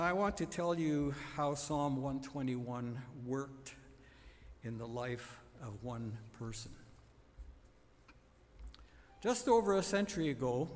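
Slow, emphatic preacher in a reverberant hall. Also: male voice, fairly high pitch, a little mellow. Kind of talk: sermon on a psalm.

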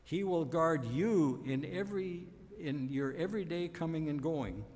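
A man's voice: fairly high pitch, expressive, unhurried, a little mellow, in a large hall. A man preaching a sermon on a psalm, emphatic and building to repeated refrains.

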